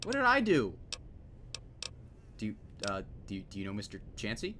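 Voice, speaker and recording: Male streamer, casual gameplay commentary, self-mocking, animated pitch, hissy background noise. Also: moderate pace. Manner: rambling, self-mocking, laughs at himself. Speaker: streamer and game mod maker.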